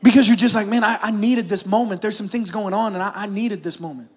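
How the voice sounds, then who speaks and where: A man with a very high voice preaches a sermon. He is middle-aged and moves between animated, raised passages and quiet, hushed ones. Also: quick pace. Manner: animated preaching with sudden soft, hushed stretches. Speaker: pastor.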